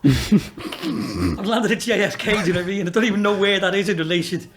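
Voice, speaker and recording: Over a noisy background, a fiftysomething racehorse owner from Liverpool, England, chats as a guest in a high voice, speaking a little fast in his Liverpool accent. He rambles through sweary stories, laughing often.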